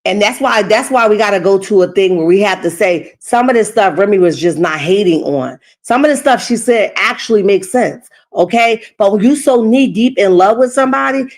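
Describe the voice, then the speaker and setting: Brief: woman stream host, casual emphatic commentary, average pitch. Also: animated, brisk, few pauses. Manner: emphatic, tags lines with "okay?". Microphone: streaming setup.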